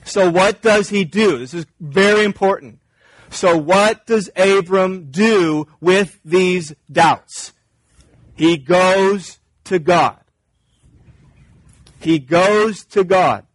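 Male pastor, sermon delivery, emphatic repetition, fairly high voice, dry room. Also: extremely slow, no room sound. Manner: earnest, emphatic, repeats key phrases.

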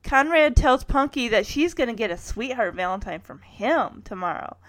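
A woman's voice: on the high side, lively intonation, moderate pace, a bit bright, no room sound. A woman in her thirties casually recapping a TV episode, with wry personal asides and chuckles.

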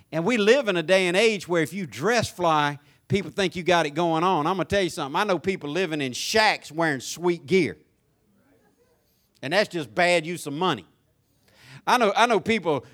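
An older man with a Southern US accent preaching a sermon as pastor, rising to shouted crescendos and dropping to low conversational asides.

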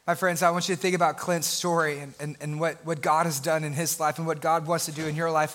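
A man's voice: a little high, fairly even intonation, fairly quick, hardly any pauses, a bit bright. A male pastor preaching a sermon with passion, building his points through repeated phrases.

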